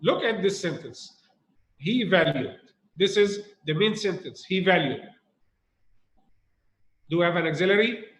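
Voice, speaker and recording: Slow, deliberate male English teacher. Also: sits high, animated, a bit bright. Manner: slow, deliberate, repeats key words and asks checking questions. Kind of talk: grammar lesson. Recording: roomy echo.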